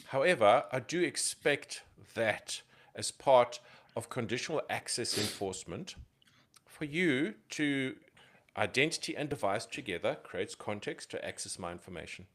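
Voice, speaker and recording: A man's voice: medium pitch, animated, normal speed, fairly bright tone. A man co-hosting a tech podcast, explaining security ideas emphatically with lots of rhetorical questions. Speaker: podcast co-host.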